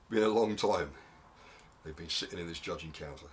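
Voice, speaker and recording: A man in his sixties, from Australia, telling a long shaggy-dog joke, dropping low to build suspense and then rising into high mock wailing. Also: moderate pace, slight background noise. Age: 60s. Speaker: joke teller.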